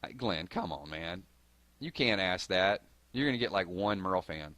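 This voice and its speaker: A young man from outside Atlanta with a deep Southern accent. He rattles through his words quickly and excitably, reading out and answering chat on a live stream, his low voice bright and forceful. The sound is dry and close, with no room around it. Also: no room sound. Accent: Southern US, Georgia. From Georgia, US.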